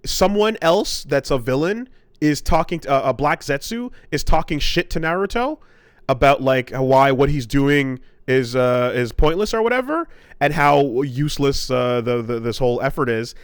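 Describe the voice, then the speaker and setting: A man's voice: mid-range voice, expressive, moderate pace, clean tone, no room sound, studio quality. A man ranting in casual podcast chat, telling a rambling, profane story. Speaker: podcast co-host.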